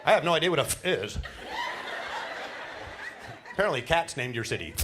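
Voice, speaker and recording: A middle-aged man doing a stand-up comedy set on a cruise ship, telling animated stories with laughs and put-on voices. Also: fairly high pitch, fairly quick, background noise. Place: cruise ship show lounge.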